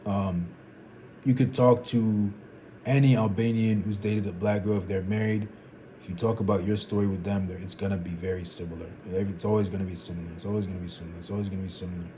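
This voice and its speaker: Man from Zimbabwe, dark low voice. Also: steady tone, fast talker, slight background noise. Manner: thinking aloud, meandering, repeats phrases. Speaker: vlogger. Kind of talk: reflective solo talk to camera.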